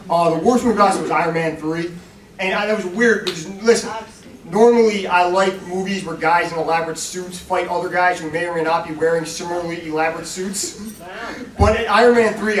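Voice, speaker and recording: A male comedian hosting a live stand-up panel, deadpan and jokey. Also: high voice, fairly quick, recorded from a distance. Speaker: comedian host. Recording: roomy live club from afar. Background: laughing crowd.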